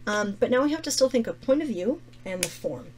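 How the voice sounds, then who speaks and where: A woman's voice: on the high side, lively intonation, a little fast, noisy background. Woman teacher, screen-recorded essay lesson, thinks aloud, mutters to herself, faint typing behind. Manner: chatty, self-correcting, muttering words under her breath.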